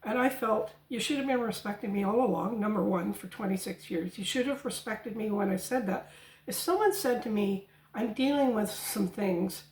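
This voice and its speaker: A woman's voice: medium pitch, normal speed, a little mellow. Indignant woman telling a story, echoey room. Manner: indignant, quotes others in mock voices. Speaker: spiritual channel host. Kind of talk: personal storytelling monologue.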